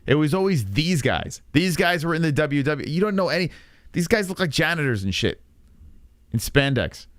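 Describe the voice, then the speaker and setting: A man's voice: on the high side, animated, moderate pace, dry recording, clean studio sound. A man in his thirties hosting a casual reaction stream, rambling with profane sarcasm. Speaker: podcast host.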